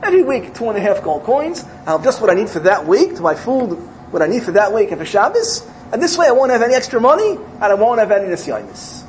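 A man voicing a poor pious man who earnestly bargains in prayer, his pitch rising. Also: expressive, a little fast, slight background noise, close to an everyday voice. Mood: pleading.

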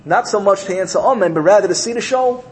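A man's voice: sits high, fast, a little hiss or hum, low-quality recording. Man telling a parable in a sermon. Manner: animated storyteller, repeating key phrases. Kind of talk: sermon built on told parables.

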